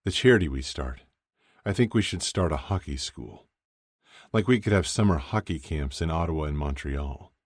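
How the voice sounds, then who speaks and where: A man doing an eager, earnest young hockey player in an audiobook. The voice comes from a very deep base but lifts a little and sounds sincere and open. The sound is dry and close. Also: expressive, moderate pace, breathy edge, no room sound, heavily acted. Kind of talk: audiobook character voice.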